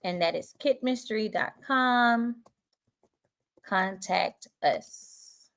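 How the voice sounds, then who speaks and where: A woman's voice: medium pitch, takes it slowly, a bit bright. A woman with a Southern US accent, hosting a live stream for teachers in a chatty, encouraging way and reading out viewer comments. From Southern United States.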